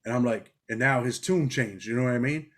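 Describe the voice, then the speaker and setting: In a casual interview, a former prisoner from New York, now middle-aged, speaks in a mid-range voice at a brisk clip. He's blunt and street-talking, with animated storytelling.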